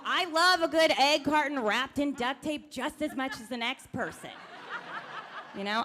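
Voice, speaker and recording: A woman in her thirties performs stand-up on a live stage, her voice high and bright with a faint hiss under it. She tells her bits with animated energy and pops up higher when she acts out a child. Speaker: stand-up comedian. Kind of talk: stand-up set. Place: live comedy stage before an audience.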